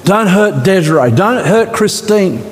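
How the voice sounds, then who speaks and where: A male preacher voicing the angel of the Lord as a commanding heavenly messenger, calling out slow, urgent pleas in a church with long reverb. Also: high voice, lively intonation, pitched above the performer's own voice. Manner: urgent, drawn-out, pleading commands.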